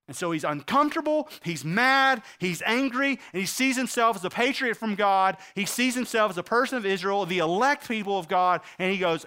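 A man preaching a sermon, acting out the quotes he reads and swinging between loud outbursts and hushed lines. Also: sits high, lively intonation, a little fast, few pauses, clear, resonant tone.

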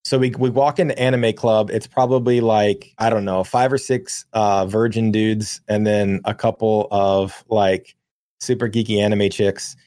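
A young man co-hosting a podcast, telling a long profane anecdote in a rambling, animated way. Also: lowish voice, unhurried, no room sound, clean studio sound. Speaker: podcast co-host. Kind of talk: casual storytelling.

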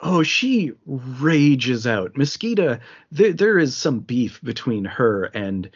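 A man co-hosting a casual film podcast, swearing freely and acting out scenes in quick voices. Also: medium pitch, big pitch swings, slightly rough, highs cut off. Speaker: podcast co-host.

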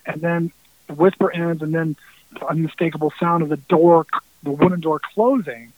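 A man's voice: on the high side, fairly even intonation, normal speed, dry recording. Man with a tinny, phone-like sound. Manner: rambling, with many restarts and casual swearing. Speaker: musician guest. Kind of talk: casual storytelling interview.

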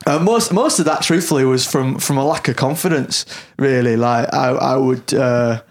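A man's voice: mid-range voice, normal speed. Guy on a chat podcast, frank, self-mocking, swears a lot, lots of false starts. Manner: candid, self-deprecating, sweary, many restarts. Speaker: podcast guest. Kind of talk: casual chat.

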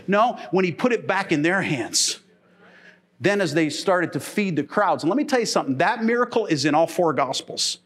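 A middle-aged man preaches from the pulpit, telling funny stories with an animated, playful delivery. His voice sits high and leaps all over the place. The pitch swings widely, and he laughs freely between his points. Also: moderate pace. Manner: animated, humorous storytelling preaching, laughs often. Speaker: pastor. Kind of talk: sermon. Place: church.

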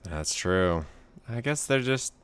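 A man's voice: medium pitch, lively intonation, slow, fairly bright tone, clean tone, no room sound. A man co-hosting a casual podcast chat, rambling and playful, often repeating his words. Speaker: podcast co-host.

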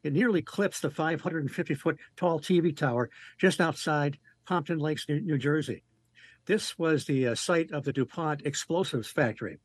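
Husky man giving a casual paranormal report. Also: a little high, normal speed, no room sound. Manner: relaxed storytelling with fillers. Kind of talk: casual radio talk and report.

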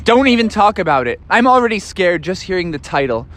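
A man's voice: high voice, big pitch swings, fairly quick, fairly bright tone. A man voicing a jumpy, easily scared young male creature in a made-up bedtime story, talking in a whiny, panicky way.

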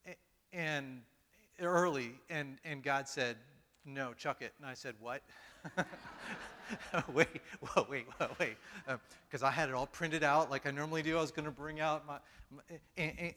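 Casual preacher man, fairly high and bright voice, stammers and restarts, heard in a reverberant church hall. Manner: stammering, self-deprecating, with frequent restarts. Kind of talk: casual sermon.

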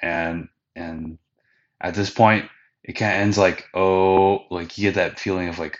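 A man's voice: low-pitched, takes it slowly, fairly bright tone, lo-fi sound. A man hosting a podcast, giving a loose, slangy recap of anime episodes with plenty of fillers and swearing. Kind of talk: casual recap chat.

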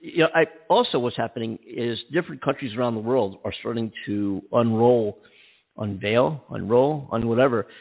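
Husky gravelly co-host on a phone line. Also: male voice, mid-range voice, moderate pace. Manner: rambling, many restarts and fillers. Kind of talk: casual call-in chat.

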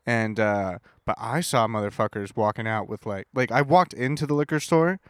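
A man's voice: fairly low pitch, normal speed, clean tone, no echo, clean studio sound. A man co-hosting a podcast in casual chat, telling stories with lots of swearing and acting out the people he met. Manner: animated storyteller, profane, acts out people he met. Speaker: podcast co-host.

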